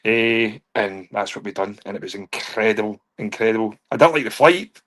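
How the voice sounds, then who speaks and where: A man's voice: lowish voice, moderate pace, fairly bright tone. A man in his thirties, telling stories in a casual podcast chat, laughing often and tripping over repeated words. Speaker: guest, touring stage show creator.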